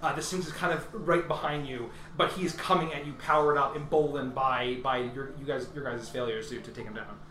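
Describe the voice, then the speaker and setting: A man's voice: mid-range voice, fairly even intonation, fairly quick, hardly any pauses, bright, forceful tone. Guy gm narrating a tabletop game, lots of uhs, far from the mic. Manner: loose, laughing narration with many fillers. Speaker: game master. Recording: echoey room, far from the mic.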